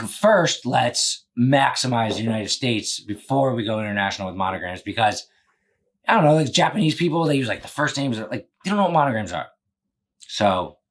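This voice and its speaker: A man's voice: medium pitch, husky. A young man hosting a casual podcast, rambling and joking, swearing freely. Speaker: podcast host and business owner.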